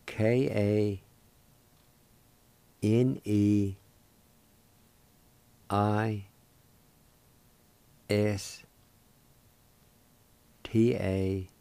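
Radio host teaching pronunciation: a low, warm male voice that breaks every word into syllables. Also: level tone, drawn-out words, long pauses, smooth, no room sound. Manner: spells and sounds out words syllable by syllable. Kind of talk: radio language lesson.

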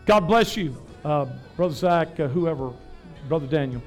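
A man, pastoring a revival service, preaching fervently and then dropping to soft personal asides during altar prayer. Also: fairly high pitch, lively intonation, normal speed, faint music behind. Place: church sanctuary.

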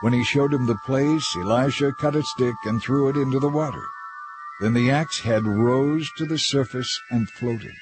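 A man reading a scripture story aloud in a measured, even narrating manner. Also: mid-range voice, over music. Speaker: audiobook reader.

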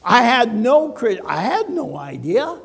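An older man pastor delivering a sermon, telling a personal story with humor and dramatic pauses. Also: extremely high pitch, huge pitch swings, gravelly, fairly bright tone, breathy edge, in a large hall.

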